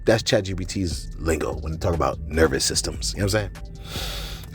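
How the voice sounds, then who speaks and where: A man with a very deep voice hosts a casual commentary show at a moderate pace, with faint music in the background. He reads viewer comments aloud and answers them in slang, making playful asides and often tacking on "man" and "you know what I'm saying."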